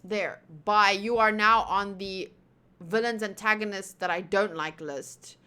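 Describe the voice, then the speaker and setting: A woman's voice: mid-range voice, measured pace, clean tone. A woman reading a manga aloud and commenting in a playful, profane, outraged way. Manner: animated, swearing, playfully outraged. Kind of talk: casual manga readthrough with commentary.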